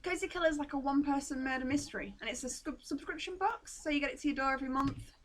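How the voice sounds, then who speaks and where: High, bright, playful woman. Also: fast talker, slight background noise. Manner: playful, giggly, teasing. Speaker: co-host of a live stream. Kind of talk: casual live stream chat.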